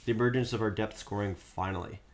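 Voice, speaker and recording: A man's voice: on the low side, fast, crowd noise. A man co-hosting a casual hockey podcast, talking through the team in an analytical, hedging way with ums. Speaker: podcast co-host.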